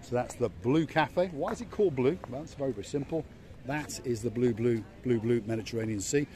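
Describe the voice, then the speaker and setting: A man's voice: medium pitch, lively intonation, fairly quick, dark tone. Jokey man giving a walking-tour commentary. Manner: jokey, playful, repeats words for emphasis. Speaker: vlog host and tour guide. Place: outdoor seaside promenade.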